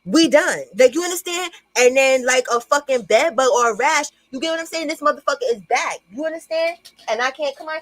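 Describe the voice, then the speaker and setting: A woman's voice: high voice, brisk, few pauses, fairly bright tone, no room sound. A young woman hosting a casual commentary livestream from home, talking loosely and profanely to her viewers while her young child is nearby. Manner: profane, chatty, addresses viewers as y'all. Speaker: livestream host.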